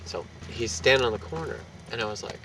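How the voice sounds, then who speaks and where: A young man spins a wild story in a loose, cursing, animated way, breaking into laughs as he goes. His voice sits at an ordinary middle pitch and is picked up from some way off the mic. Traffic and city street noise run clearly underneath. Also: quick pace, far from the mic. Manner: profane, animated, laughing between lines. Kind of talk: casual anecdote telling.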